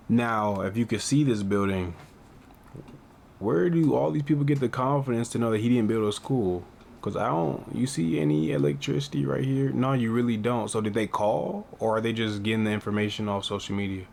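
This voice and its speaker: A man's voice: mid-range voice, a little fast, creaky, a little mellow, slight background noise. A man hosting a reaction video, talking casually and asking one disbelieving question after another. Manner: incredulous, asks questions over and over.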